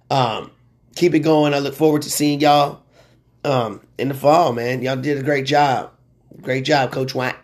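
A man hosting a sports talk show, rambling and excitable with lots of slang. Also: mid-range voice. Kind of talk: casual sports commentary.

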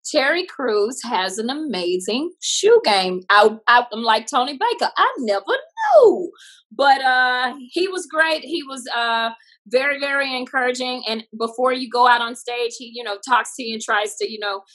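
A woman comedian from Texas telling stories in a casual interview, animated and expressive. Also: high voice, moderate pace, rough recording. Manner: animated, expressive, laughs often. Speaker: comedian guest.

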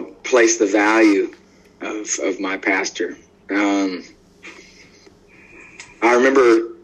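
A man's voice: fairly low pitch, low-quality recording. A man, an evangelist guest on a podcast, telling stories boldly and acting out the dialogue in them. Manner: lively storyteller acting out quoted dialogue; bold and outspoken. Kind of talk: conversational podcast interview.

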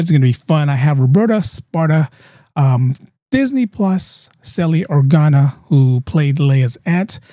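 A man's voice: on the high side, dark tone, no room sound. Chatty male podcast host, dry sound. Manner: upbeat, chatty, repeats himself. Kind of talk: live video interview.

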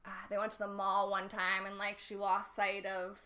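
A woman speaks as a podcast guest in casual chat. She is hesitant and fills her talk with "um" and "like". Her voice is bright and tense. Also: medium pitch, monotone, moderate pace. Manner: hesitant, many fillers like "um" and "like".

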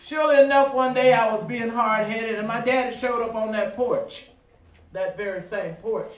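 A man preaching a sermon in a church, using call-and-response with the congregation and rising to shouts. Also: very high voice, unhurried. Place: church sanctuary. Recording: echoey room, distant mic.

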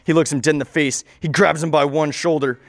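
A man's voice: a little high, steady tone, a little fast, no echo, studio quality. Rambling man spinning a wild tale. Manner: rambling, self-correcting, joking asides. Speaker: storyteller. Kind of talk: casual improvised storytelling.

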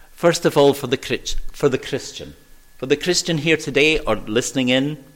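A man delivers a sermon in a church at an unhurried, deliberate pace. His pitch sits in the middle range for a man, and he speaks earnestly, pausing between phrases. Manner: measured, earnest preaching. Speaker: preacher.

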